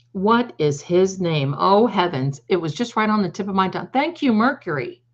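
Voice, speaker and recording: A woman's voice: medium pitch, expressive, normal speed. An older woman hosting a tarot livestream, telling rambling funny stories in a chatty, digressive way and laughing at her own jokes. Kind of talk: casual storytelling to a live audience. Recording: slightly dull lo-fi sound.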